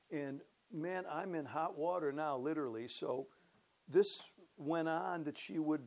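An older man who is a pastor, speaking to his church in a relaxed, conversational way and warming into animated storytelling as he gives his testimony. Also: fairly high pitch. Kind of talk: church announcement and personal testimony.

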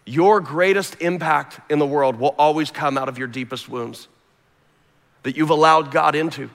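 A man's voice: on the high side, normal speed, gravelly, fairly bright tone, in a large hall. A man preaching a sermon and leading a closing prayer, earnest and repeating key phrases for emphasis, his voice nasal from a cold. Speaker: pastor.

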